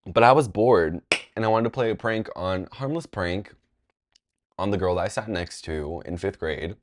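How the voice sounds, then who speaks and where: A young man telling a casual storytime, rambling with lots of fillers and jumping into high, loud voices when he quotes people. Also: normal speed. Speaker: vlogger.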